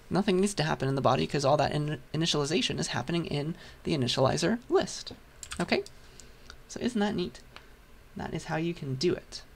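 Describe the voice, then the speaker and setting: A man lecturing a programming class, patient and step by step while writing, his voice hoarse. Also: fairly high pitch. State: hoarse, losing voice. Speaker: university lecturer. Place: lecture hall.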